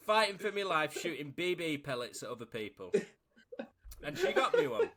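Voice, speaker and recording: A man's voice: on the high side, wildly swooping pitch, normal speed, fairly bright tone, slight background noise. A man from Leicester, casually telling a story on a podcast, laughing as he goes. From Leicester, England. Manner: chatty, laughs while telling stories. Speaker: podcast host.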